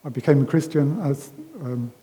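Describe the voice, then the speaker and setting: A man giving a conversational sermon as a preacher, unhurried, with frequent ums and restarts, recorded in a large hall. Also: medium pitch, fairly even intonation, mellow. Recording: long reverb of a hall.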